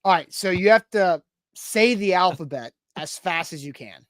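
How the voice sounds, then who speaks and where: A man's voice: sits high, lively intonation, moderate pace, fairly bright tone, no echo, clean studio sound. A man hosting a live sports podcast, chatting casually and reading sponsor spots. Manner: chatty, reads sponsor ads. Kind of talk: casual live-stream chat.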